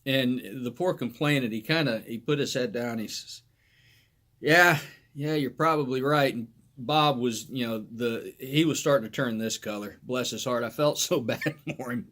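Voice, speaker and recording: A middle-aged man recounts an old police call in a relaxed, conversational way. His voice sits at an ordinary middle pitch. He breaks into laughter often and swears freely as he tells it. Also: moderate pace. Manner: laughs often while telling, crude humor. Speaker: former police officer telling a story. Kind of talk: casual anecdote storytelling.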